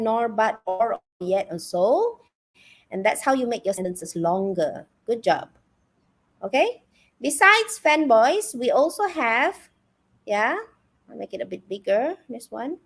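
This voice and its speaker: A woman with a Malaysian English accent runs a live online English lesson in a fairly high voice. She keeps it animated and asks the class one question after another. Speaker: English teacher.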